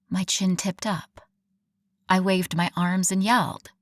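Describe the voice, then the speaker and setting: A woman narrating a first-person romance audiobook in an expressive, wry storytelling manner. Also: on the low side, slow, dry recording, studio quality.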